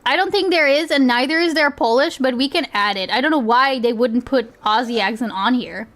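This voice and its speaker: High-voiced chatty woman streamer. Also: fairly quick, fairly bright tone. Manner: chatty and profane, thinking aloud. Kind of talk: casual live-stream reaction chat.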